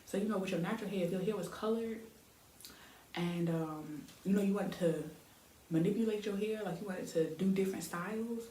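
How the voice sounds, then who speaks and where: A woman's voice: medium pitch, a little fast, warm tone. Chatty young woman in an echoey room. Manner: chatty, rambling, lots of fillers. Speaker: beauty vlogger. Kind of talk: casual chat while styling hair. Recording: echoey room, faint background hiss.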